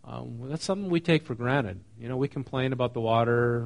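A man preaching in a relaxed, conversational way. He reads a passage, then talks it through, often asking his listeners questions. His voice sits at a middle pitch. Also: fairly quick, gravelly. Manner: conversational, asks the congregation questions; reads scripture then explains it casually. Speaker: pastor. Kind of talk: sermon.

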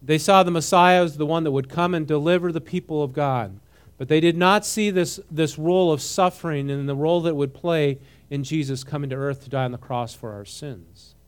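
A man's voice: a little high, brisk, few pauses, smooth. A man preaching a conversational sermon. He reads scripture aloud, adds his own comments and keeps asking the congregation questions. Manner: animated, asks the audience questions, mixes reading with comment. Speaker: preacher teaching a Bible passage.

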